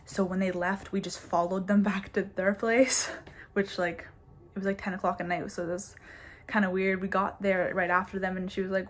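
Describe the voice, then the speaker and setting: A woman in her twenties casually telling a personal story to her camera, peppering it with "like" and quick laughs. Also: medium pitch, little pitch movement. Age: 20s. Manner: chatty, says "like" constantly, laughs between bits. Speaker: vlogger.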